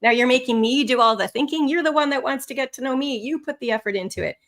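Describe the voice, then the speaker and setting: A woman instructor teaching a live online lesson, animated and expressive, with swooping pitch and frequent laughter. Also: fast. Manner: laughs often. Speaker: language test instructor.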